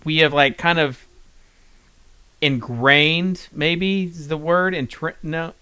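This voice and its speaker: A man's voice: a little high, fairly even intonation, slow pace, bright, forceful tone, smooth, no echo. A man hosting a fantasy baseball chat, playful and casual, sometimes searching aloud for words.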